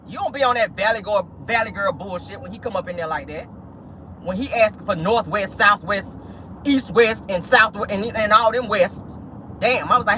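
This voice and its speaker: An animated, sassy gossip vlogger talking casually from a parked car, the pitch swinging all over the place with a bright, forceful edge. The chatter is full of exclamations and crude slang. Faint car and street noise hums underneath. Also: moderate pace. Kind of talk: casual celebrity gossip talk. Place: inside a car.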